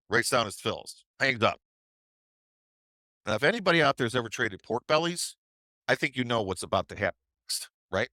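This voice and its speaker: A man's voice: mid-range voice, expressive, normal speed, long pauses, bright, forceful tone, dry recording. A middle-aged man who teaches trading, telling a story on a webinar in a chatty way with tag questions. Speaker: trading educator.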